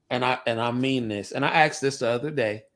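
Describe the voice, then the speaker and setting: A man's voice: mid-range voice, moderate pace, sharp tone. A man hosting a podcast, chatting casually in a joking, slangy, laid-back way. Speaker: podcast host. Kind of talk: casual chat.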